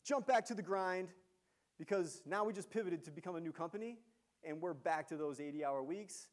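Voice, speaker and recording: A man giving a university lecture, telling business stories in an animated way and quizzing the audience. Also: sits high, fairly quick. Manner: animated storyteller, engages audience with questions. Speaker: guest lecturer, entrepreneur. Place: lecture hall.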